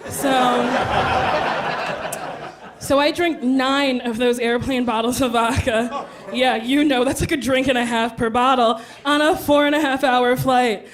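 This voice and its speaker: A woman's voice: high voice, moderate pace. A woman telling brash, laughing stories in a stand-up comedy set, acting out voices, recorded live on stage. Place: comedy club stage before a live audience. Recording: live show with loud crowd laughter.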